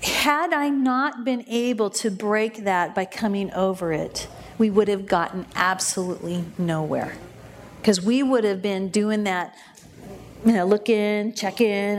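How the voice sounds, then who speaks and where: A woman minister telling a story in a lively, humorous way and acting out the voices of the people in it. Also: mid-range voice, measured pace. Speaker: inner healing minister. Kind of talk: storytelling talk.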